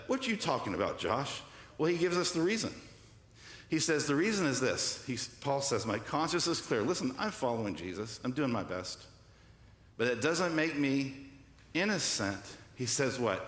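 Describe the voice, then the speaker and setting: A man's voice: expressive, moderate pace, fairly bright tone. A man pastor preaching a sermon, drawing call-and-response from the congregation with repeated questions and acting out quoted voices. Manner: acts out quoted voices with shifts in pitch and pace. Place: church sanctuary. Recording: echoey church hall with long reverb.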